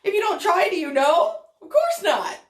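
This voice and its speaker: A woman reading a picture book aloud to children, animated and stopping often to ask her young listeners questions. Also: very high voice, moderate pace. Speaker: children's storyteller. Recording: echoey room.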